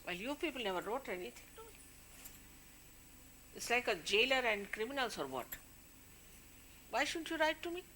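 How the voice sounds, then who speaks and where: A woman's voice: a little high, very animated, moderate pace, long pauses, bright, forceful tone, slight background noise. A woman, a spiritual leader, giving an informal talk to her followers, warning and scolding them in a conversational way.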